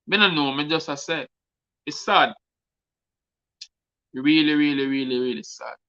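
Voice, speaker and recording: A man's voice: a little high, unhurried, a bit bright, dry recording, muffled recording. A man with a Jamaican accent, a guest artist speaking earnestly on a talk show and repeating words for emphasis.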